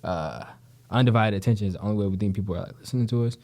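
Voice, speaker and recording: A young man from Detroit, a guest and actor, tells stories in casual conversation full of slang, profanity and "you know what I'm saying." His voice is lowish and darkish, and he talks very fast.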